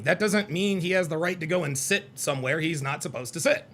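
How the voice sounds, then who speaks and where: A man's voice: on the high side, very animated, brisk, hardly any pauses, fairly bright tone, a little hiss or hum. A man hosting a live call-in stream, combative and mocking, often repeating himself as he reacts to clips and chat. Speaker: live call-in show host. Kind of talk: heated live-stream commentary.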